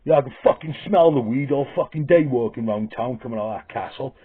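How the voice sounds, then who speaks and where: A man's voice: mid-range voice, fast talker, breathy edge, close to an everyday voice. A man acting out a drunk, leering lout he met at a bus stop, heard through tinny phone-like audio.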